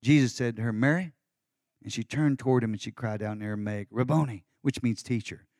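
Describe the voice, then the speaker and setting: A middle-aged male pastor preaching an Easter sermon in a lively, conversational way with folksy asides. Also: fairly low pitch, fast talker, no room sound, studio quality.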